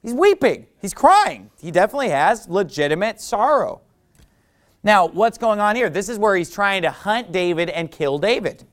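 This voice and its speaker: Animated man preaching with wide pitch swings. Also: moderate pace. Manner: animated, acts out quoted speakers with sudden loud outbursts. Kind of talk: sermon.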